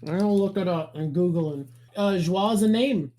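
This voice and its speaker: A woman's voice: on the low side, moderate pace, dark tone. A woman co-hosting a casual chat, with dry, teasing remarks.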